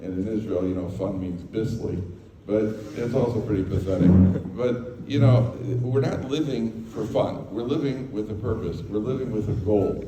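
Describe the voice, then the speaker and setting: Here the American rabbi's voice sits low and moves at a normal pace with few pauses as he addresses a live audience. His Torah talk mixes humorous storytelling, joking asides, and dialogue he performs himself. The sound is echoey and far-miked, with background noise.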